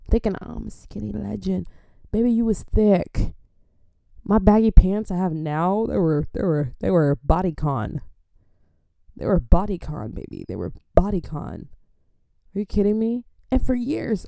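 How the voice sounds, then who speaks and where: A young woman from the United States telling self-mocking stories in a casual, animated way, acting out quotes. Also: on the low side, no echo, studio quality. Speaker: vlogger. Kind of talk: casual storytelling.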